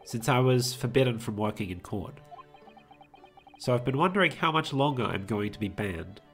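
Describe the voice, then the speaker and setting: A man's voice: mid-range voice, expressive, normal speed, a bit bright, soft background music. A man voicing a mild, hesitant young male lawyer with a light British accent in a video game. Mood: glum. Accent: British, put on.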